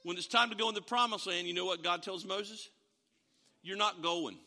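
Middle-aged man, pastor preaching, high voice, very bright tone, storytelling with acted lines, long church reverb. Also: fast talker. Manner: storytelling preacher, acts out dialogue, asks the congregation questions. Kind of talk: sermon. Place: church hall.

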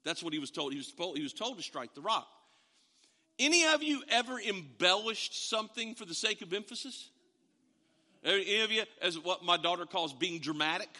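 A man's voice: high-pitched, lively intonation, normal speed, sharp tone. A middle-aged male pastor preaching a sermon, telling stories, acting out dialogue and asking the congregation questions. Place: church hall. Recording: long hall reverb.

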